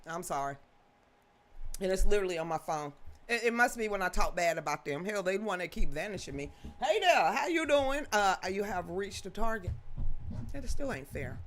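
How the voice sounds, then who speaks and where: A woman, hosting a casual livestream news show, folksy and outspoken with frequent laughter. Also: mid-range voice. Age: 50s. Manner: animated, folksy, swears freely, laughs often.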